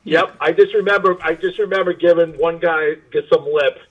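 A man's voice: a little high, fairly even intonation, a little fast, highs cut off. A man in casual chat with friends, emphatic and profane, calling people "dude" and "man".

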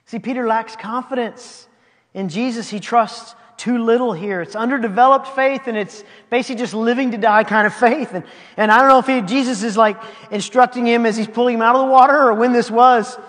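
A man preaches a sermon in a high, light voice, reading passages aloud and breaking into casual, laughing asides. His words ring out with a long reverb, as if in a large hall. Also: fairly even intonation, a little fast, a bit bright. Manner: conversational, reads scripture then comments, laughing asides. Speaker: pastor.

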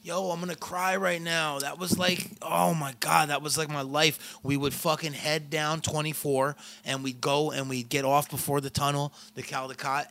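A man from the Bay Area with a California accent, hosting a podcast in casual chat, excitable and profane with lots of slang. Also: a little high. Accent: Northern California. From San Francisco Bay Area. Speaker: podcast host.

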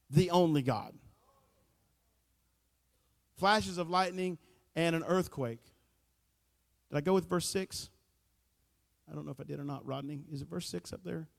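High-voiced pastor in a church hall. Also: male voice. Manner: folksy, preachy, builds to shouting emphasis. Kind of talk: sermon. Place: church sanctuary.

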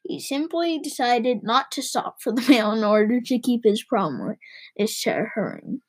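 A woman reading a children's novel aloud, her voice a touch high and full of expression. She carries the narration with an eager, lively storytelling manner. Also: measured pace, rough recording. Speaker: reader.

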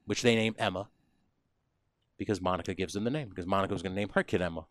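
Male podcast host, quick profane storyteller, dry close sound, rambling casual delivery. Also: low voice, no room sound. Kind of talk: casual chat.

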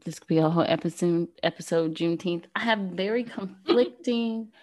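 A woman's voice: lowish voice, a little fast, darkish tone. Candid woman podcast host. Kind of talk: casual interview conversation.

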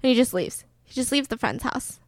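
A woman's voice: a little high, very animated, a little fast, dry recording. A young woman co-hosting a podcast, telling a true-crime story in a chatty way, full of "like". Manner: chatty, filler-heavy with "like". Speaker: podcast co-host.

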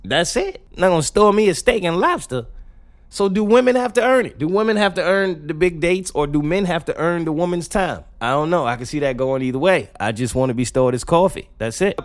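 A young adult man hosting a podcast, telling stories in a casual monologue and laughing through them. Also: mid-range voice. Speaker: podcast host.

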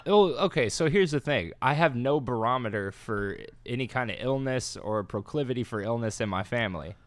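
A man co-hosting a podcast in casual chat, relaxed and making dry quips with casual swearing. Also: medium pitch, fairly quick, no echo. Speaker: podcast co-host.

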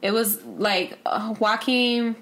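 A woman's voice: a little high, fairly even intonation, takes it slowly, a bit bright. A woman co-hosting a podcast, chatting casually and giving opinions, often trailing off and restarting her sentences. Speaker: podcast co-host. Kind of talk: casual chat.

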